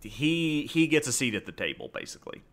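Chatty young man, lively and bright. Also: mid-range voice, a little fast. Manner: chatty, interjecting, uses "like" a lot. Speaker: podcast co-host. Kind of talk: casual history podcast chat.

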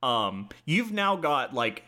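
A man's voice: medium pitch, big pitch swings, takes it slowly, bright, forceful tone. A young man co-hosting a casual history podcast, explaining from his notes and laughing easily. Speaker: podcast co-host.

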